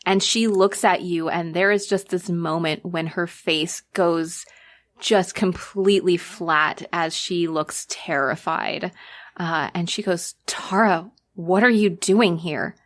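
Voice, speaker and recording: Woman, game master, lowish voice, unhurried narration, fillers. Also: steady tone, fairly bright tone. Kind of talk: narrating a tabletop horror game.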